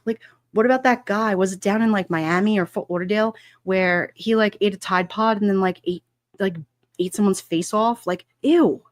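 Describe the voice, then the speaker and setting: A chatty middle-aged woman hosting a casual live stream, laughing often and rambling through her stories with plenty of fillers. She sits close to the mic in a dry, dead-sounding space, her pitch right in the middle. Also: steady tone, normal speed, no echo. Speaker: livestream host. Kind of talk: casual live-stream chat reading comments.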